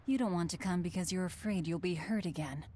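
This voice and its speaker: A woman's voice: on the low side, quick pace, mellow, slight background noise, natural voice. An actress playing a blunt, cool-headed young woman leader in a game, speaking curtly. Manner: blunt and curt. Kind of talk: game voice acting.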